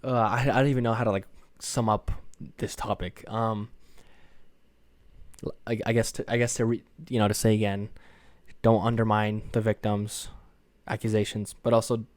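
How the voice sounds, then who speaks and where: A young man hosting a podcast from his room at home, talking in a rambling, hesitant way with a self-described monotone delivery. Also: lowish voice, normal speed, no room sound. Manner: rambling and hesitant, many fillers and restarts; self-conscious, says his voice sounds monotone. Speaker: podcast host. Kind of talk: casual solo podcast monologue. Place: home room with parents down the hallway.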